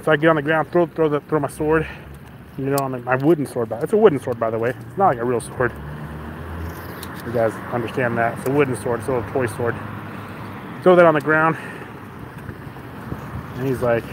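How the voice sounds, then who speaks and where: A man's voice: mid-range voice, moderate pace, long pauses, noisy background. A man casually telling a story, acting out the voices of the people in it, often laughing. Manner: animated, acts out both sides with shouted quotes. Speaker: vlogger.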